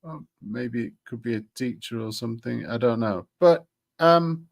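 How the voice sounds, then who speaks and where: A man's voice: mid-range voice, moderate pace, vocal fry, slight background noise. A man hosting a live stream, chatting casually with many ums and restarts. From Britain. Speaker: livestream host.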